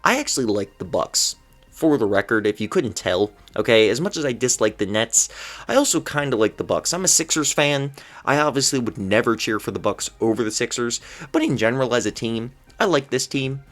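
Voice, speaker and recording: A man's voice: mid-range voice, animated, brisk, fairly bright tone. Exasperated man ranting about basketball. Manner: exasperated, incredulous ranting with rhetorical questions; stammers when flustered. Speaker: basketball commentary vlogger. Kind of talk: solo sports rant.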